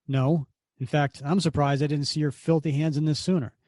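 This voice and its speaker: A man's voice: on the high side, fairly even intonation, a little fast, a little mellow, no echo, studio quality, natural voice. A man reading aloud as a defiant male hero captain, firm and indignant.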